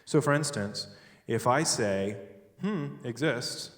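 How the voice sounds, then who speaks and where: A man giving a sermon-style talk on logic, animated and joking, with sudden loud stresses. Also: medium pitch, takes it slowly, recorded from a distance. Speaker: speaker at a church. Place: large church hall. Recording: echoey hall, picked up from afar.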